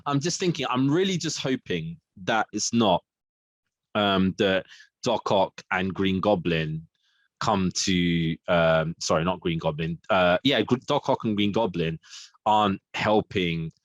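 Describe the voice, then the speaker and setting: A man's voice: low-pitched, unhurried, dry recording, muffled recording. A man co-hosting a casual film podcast, rambling with lots of fillers and frequent laughs. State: frog in his throat. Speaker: podcast co-host. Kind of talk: casual chat.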